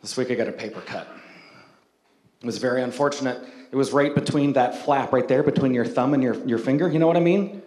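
A man's voice: mid-range voice, a little fast, a little mellow, echoey room. A man preaching a sermon as the pastor, telling a self-mocking story in a casual, humorous, conversational way.

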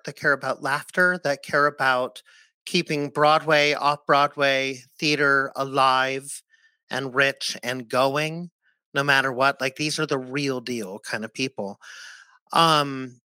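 Bright-voiced, animated young man. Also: mid-range voice, measured pace, clean tone, no room sound. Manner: animated, swearing, jumping into voices. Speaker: co-host and musical writer. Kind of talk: casual chat on a video stream.

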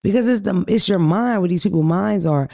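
A woman co-hosting a podcast in casual chat, telling stories in a blunt, profane, animated way. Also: medium pitch, fairly quick, vocal fry, no echo, clean studio sound. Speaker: podcast co-host.

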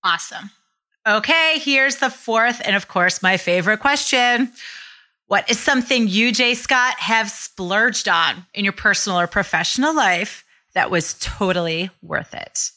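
Bright, bubbly woman interviewing. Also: mid-range voice, unhurried. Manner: bubbly, effusive, chatty. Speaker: podcast co-host and interviewer. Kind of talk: casual podcast interview.

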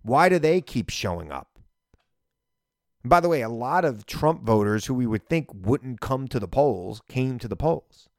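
A man's voice: mid-range voice, lively intonation, a little slow, dry recording, clean studio sound. A middle-aged man with a light Long Island accent hosting a podcast, giving political commentary in a conversational, wry way. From Long Island, New York. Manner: conversational, wry, asides to listeners. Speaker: podcast host.

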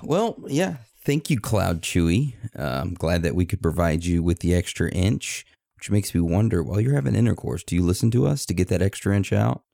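A man's voice: low-pitched, animated, brisk, creaky, warm tone, no room sound. A man co-hosting a casual podcast, laid-back and jokey as he introduces listener voicemails. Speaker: podcast co-host.

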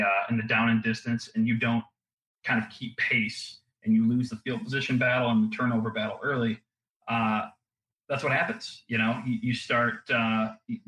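Man, podcast guest analyst, wry and laughing, bright forceful voice, echoey room. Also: medium pitch. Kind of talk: casual podcast chat.

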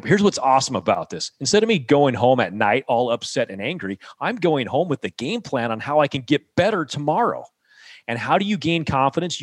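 A man's voice: medium pitch, no room sound, clean studio sound. Emphatic man coaching young players. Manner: emphatic, repeats key phrases, asks rhetorical questions. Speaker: mental performance coach.

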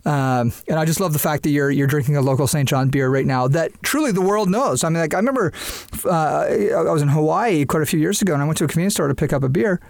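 A man from Canada hosts a podcast in a loose, eager ramble, stacking up praise as he goes. His voice sits a little high and sounds dry and close. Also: fast talker, gravelly, few pauses, a little mellow, no room sound. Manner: enthusiastic, rambling. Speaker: podcast host. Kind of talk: casual podcast chat.

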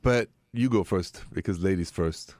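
A man with a French accent co-hosting a talk radio show, giving relationship advice in casual chat with slightly halting phrasing. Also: deep voice, darkish tone, no room sound, clean studio sound.

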